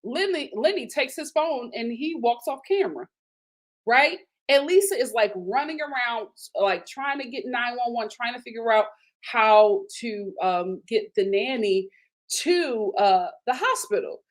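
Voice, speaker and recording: A woman hosting a casual TV recap, animated and indignant, her voice jumping up high when she gets outraged. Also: measured pace. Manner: casual, with fillers and slang. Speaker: host. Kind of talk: live TV recap commentary.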